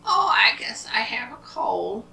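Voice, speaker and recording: A woman's voice: on the high side, very animated, measured pace, creaky, whispered, voice pushed up, exaggerated voice. A woman voicing a sly big bad wolf. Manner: loud, sing-song storybook delivery. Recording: roomy, distant home recording.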